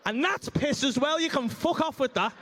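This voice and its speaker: High-voiced crude stand-up comic. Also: male voice, normal speed, a bit bright, slight background noise. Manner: crude, ranting, acts out moaning voices. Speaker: stand-up comedian. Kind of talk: stand-up comedy routine. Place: comedy club stage.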